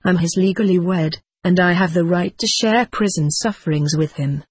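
A reader voicing a defiant young wife addressing a judge in an audiobook, with a husky tone and a firm, steady delivery. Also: female voice, lowish voice, moderate pace, no room sound.

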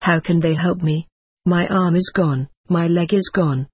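A reader voicing a gravely injured man who is crying and pleading in terror, with a husky tone. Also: medium pitch, steady tone, unhurried. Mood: frightened. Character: gravely injured young man, hysterical and terrified.

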